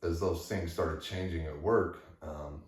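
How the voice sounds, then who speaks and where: Deep-voiced man, candid and halting. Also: fairly even intonation, darkish tone. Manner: candid, halting, with frequent restarts. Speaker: vlogger. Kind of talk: personal storytelling. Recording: echoey room, far from mic.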